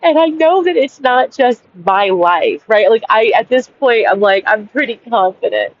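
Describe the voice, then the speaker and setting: A woman in her forties venting on a dark sidewalk at night, angry, swearing constantly and repeating herself. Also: on the high side, expressive, moderate pace, dull audio, a little hiss or hum. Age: 40s. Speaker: vlogger. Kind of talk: rambling outdoor vent. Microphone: wireless headphones.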